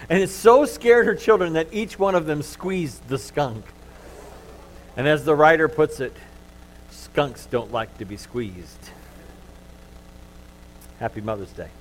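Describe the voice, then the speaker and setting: A man's voice: high voice, normal speed, rough recording. Pastor man preaching a sermon. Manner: animated storytelling, softening to gentle comfort. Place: church.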